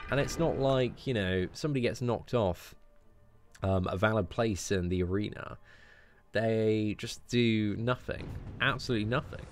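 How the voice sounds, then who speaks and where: A young British man casually answering viewer questions on a game live stream, relaxed and chatty, often tagging sentences with "man.". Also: fairly low pitch, moderate pace.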